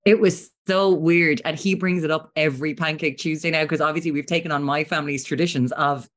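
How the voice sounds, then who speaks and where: An Irish woman with a notably low voice tells stories on a chat podcast. She's animated, slipping into little impressions of what people said. She sounds like she's in her thirties. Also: brisk. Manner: animated storyteller, acts out quotes. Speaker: podcast co-host. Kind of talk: casual chat.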